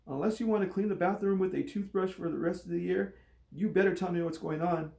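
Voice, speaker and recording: A man voicing an angry gym teacher trapped in a boy's body, indignant and shouting threats. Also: sits high, a little fast, vocal fry, roomy sound, pitched above the performer's own voice. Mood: furious.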